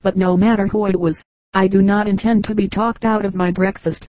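A woman's voice: mid-range voice, little pitch movement, fairly quick, darkish tone, no room sound, natural voice. A woman reading a savage bullying wolf. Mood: fierce. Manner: snarling, accusing.

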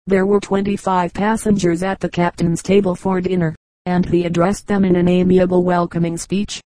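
Mellow-voiced woman reading aloud. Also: fairly low pitch, flat delivery, normal speed, dry recording, low-quality recording. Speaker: audiobook reader. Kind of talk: scripted narration.

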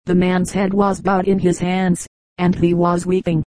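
A woman reads a story aloud in a steady, even narration. Her voice sits low and mellow, with little change in pitch. The sound is close and dry. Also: unhurried, dry recording, poor audio. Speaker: audiobook reader. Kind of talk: scripted narration.

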